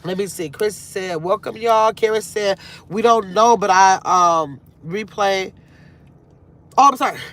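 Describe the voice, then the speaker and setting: A woman's voice: mid-range voice, measured pace, fairly bright tone. A middle-aged grandmother hosting a casual live chat from her car, rambling and reflective as she reads viewer comments aloud. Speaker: livestream host.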